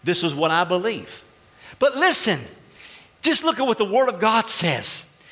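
A man's voice: high-pitched, sing-song, measured pace, pushed and bright. A man preaching a sermon as pastor, speaking emphatically and putting rhetorical questions to the congregation. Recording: long reverb of a large hall.

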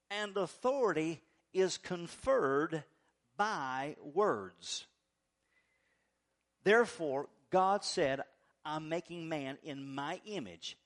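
Male pastor, high-pitched, chatty sermon delivery, playful dialogue bits, soft asides and loud bursts. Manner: conversational preaching with playful acted-out dialogue; shifts between soft low asides and loud emphatic bursts.

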